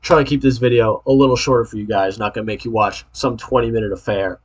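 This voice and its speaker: A man's voice: medium pitch, steady tone, fast talker, breathy edge, lo-fi sound. A young man giving casual, profane, trash-talking fantasy football rankings to his league mates, rambling with restarts.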